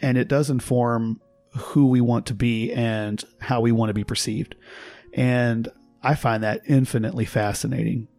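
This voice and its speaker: A man from Texas, a linguist guest on a podcast, explaining his ideas in a measured, casual way, with faint music behind. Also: mid-range voice, fairly even intonation, darkish tone. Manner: explanatory, measured, laughs at his own examples. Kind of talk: casual conversation.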